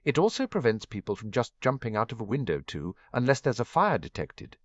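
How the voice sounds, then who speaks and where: Guy doing a bookish earnest teen girl, higher pitched, rushes her words, storybook read. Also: very animated, no echo. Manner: earnest, talks in quick rushes. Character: earnest, sincere teenage girl, quick and bookish. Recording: dull, muffled dry recording.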